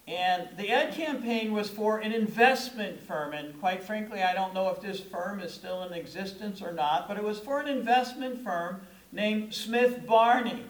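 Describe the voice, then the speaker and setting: A middle-aged pastor with a high voice delivers a chatty, storytelling sermon, punching certain words for emphasis. The sound rings around an echoey church sanctuary. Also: male voice, unhurried. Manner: conversational, storytelling preaching with emphatic stresses. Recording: echoey room.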